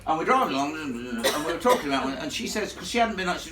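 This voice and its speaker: A man's voice: fairly high pitch, racing. A man spins a true ghost yarn for a live audience, his voice swinging widely up and down as he piles on blunt, salty asides. He is caught from a distance in an echoey room, with a faint hum of ambience behind him. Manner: animated, blunt, salty storyteller. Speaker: ghost storyteller. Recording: echoey room filmed from far off.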